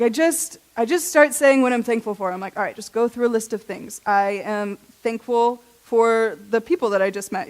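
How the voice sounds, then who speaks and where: A young woman giving a personal testimony at a youth church service, chatty and self-deprecating, laughing often and saying "like" a lot. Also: a little high. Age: young adult. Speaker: junior high intern giving a talk.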